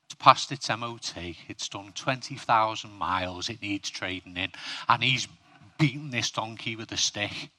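Male preacher, bright sharp tone, humorous sermon delivery. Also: on the low side, normal speed. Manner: humorous and chatty, asks the audience questions.

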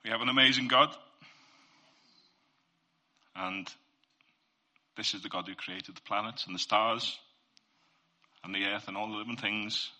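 Earnest man with a sharp, bright voice. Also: lowish voice, steady tone, a little slow, long pauses. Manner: earnest, conversational, addresses listeners directly. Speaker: Christian speaker sharing testimony. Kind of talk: informal faith talk.

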